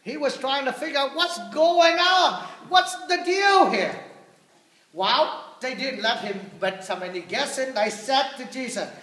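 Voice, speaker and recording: Animated priest in an echoey church. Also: male voice, extremely high pitch, normal speed, hardly any pauses. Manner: animated storytelling with humor, shifting loud and soft. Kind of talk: homily.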